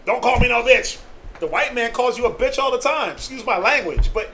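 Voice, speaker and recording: A man talking with a very high, lively voice in an impassioned group discussion. He acts out the people he quotes and laughs often. The tone is bright and forceful. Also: fairly quick, slight background noise, poor audio. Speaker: discussion participant.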